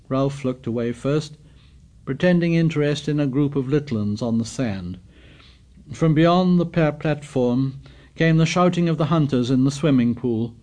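A man reading a novel aloud as an audiobook narrator, in measured, even storytelling. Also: mid-range voice. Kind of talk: scripted narration.

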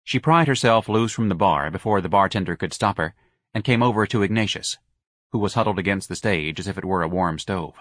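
A man narrating an audiobook in a measured, wry storytelling manner. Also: sits low, fairly bright tone, no echo, studio quality. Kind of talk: scripted narration.

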